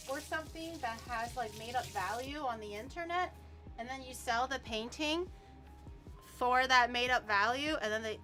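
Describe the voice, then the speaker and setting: Bright-voiced young woman cooking on stream. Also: sits high. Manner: chatty, explains steps, swears casually. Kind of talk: casual cooking stream chat.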